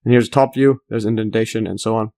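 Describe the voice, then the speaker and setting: A man's voice: lowish voice, fairly even intonation, fast talker, mellow. A man teaching a casual screen-recorded math lesson, rambling with many fillers and restarts and enthusiastic asides. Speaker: math tutor.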